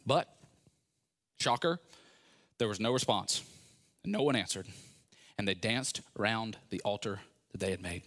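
A man's voice: fairly low pitch, measured pace, pauses often. A man preaching a sermon, retelling a scripture story with sarcasm and acting out the characters' lines. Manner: animated, sarcastic storytelling with acted-out quotes. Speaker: pastor.

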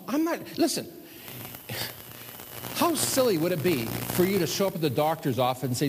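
A man preaching a sermon to a congregation, animated, swinging between loud emphatic lines and hushed, slow ones. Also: on the high side, slight background noise. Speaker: pastor. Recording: long hall reverb.

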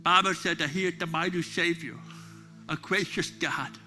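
Bright-voiced preaching man. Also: fairly high pitch, moderate pace, soft background music. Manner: impassioned preaching, drops to soft prayerful tones. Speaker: pastor. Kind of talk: sermon.

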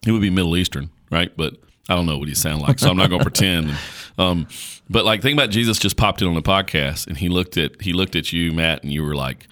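Deep-voiced, bright-toned male podcast preacher. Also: quick pace. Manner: emphatic, repetitive, colloquial. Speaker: podcast host. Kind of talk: preaching Bible talk on a podcast.

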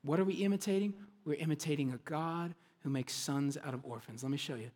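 This pastor talks fast in a voice that's a little high. His sermon alternates between quiet, intimate asides and loud, excited preaching.

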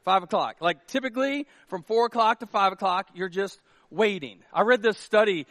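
Male pastor, high voice, lively storytelling sermon, dry close mic. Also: moderate pace, no echo. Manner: animated storytelling, shouts quoted lines.

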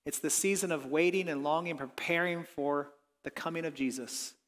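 A pastor preaching a sermon with earnest feeling, dropping soft on reflective lines and rising when he voices pleading prayers. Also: a little high, normal speed. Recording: long hall reverb.

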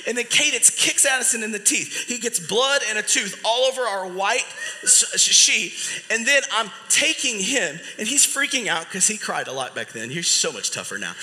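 A man's voice: sits high, pushed and bright. A man preaching a sermon as pastor in a church, talking energetically and conversationally with lots of rhetorical questions. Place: church sanctuary. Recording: long hall reverb.

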